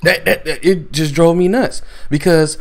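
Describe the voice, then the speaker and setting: A man's voice: on the high side, steady tone, normal speed. A man co-hosting a gaming podcast, venting in a rambling, frustrated, casual way. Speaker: podcast co-host. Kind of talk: casual chat.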